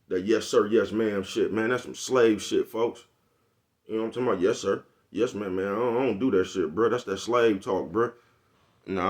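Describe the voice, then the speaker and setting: Deep-voiced fast-talking Oakland man, rambling. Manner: streetwise, profane, rambling, constantly asks "you know what I'm talking about?". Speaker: vlogger. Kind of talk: casual monologue to camera.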